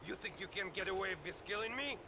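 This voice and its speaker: An actor playing a contemptuous Russian gangster in a video game, speaking with a Russian accent and a mocking, swaggering manner. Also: male voice, high-pitched, fast, background noise. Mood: furious. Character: sneering Russian male gangster boss. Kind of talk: video game cutscene acting.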